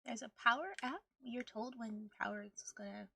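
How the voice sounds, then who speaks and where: A woman's voice: on the high side, normal speed, vocal fry, pushed and bright, husky, no echo, studio quality. A woman streaming a video game, chatting casually and rambling with frequent laughter. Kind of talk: casual gameplay stream chat.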